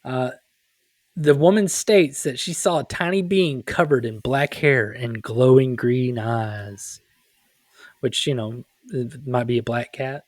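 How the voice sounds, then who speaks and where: A man's voice: mid-range voice, slow, no echo, studio quality. A man co-hosting a casual podcast, chatting in a joking way with goofy asides and frequent laughs. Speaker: podcast co-host. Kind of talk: casual chat.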